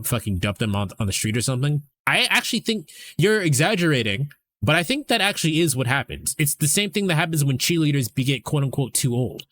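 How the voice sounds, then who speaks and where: He's hosting a live stream, rambling along conversationally and swearing freely. His voice is mid-range and a bit bright.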